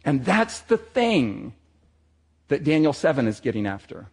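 A man preaching a sermon to a gathered audience, emphatic and slowing down on his key words. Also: mid-range voice, very animated, darkish tone, breathy edge.

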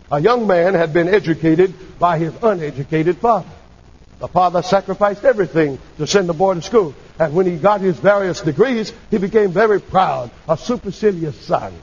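Impassioned high-voiced male preacher. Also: husky, dull audio. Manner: impassioned, calls for amen, sudden shouts. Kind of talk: sermon.

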